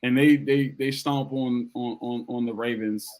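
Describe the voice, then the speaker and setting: A man co-hosting a casual sports podcast, animated and repeating his points for emphasis. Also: medium pitch, unhurried. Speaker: podcast co-host.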